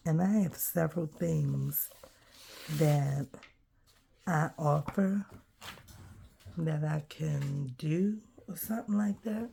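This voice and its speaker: Brief: woman vlogger, slow and gravelly, soft and reflective, low-pitched. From United States. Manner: soft-spoken, musing, trails off with ums. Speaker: crafting vlogger. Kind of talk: reflective casual vlog while gluing paper.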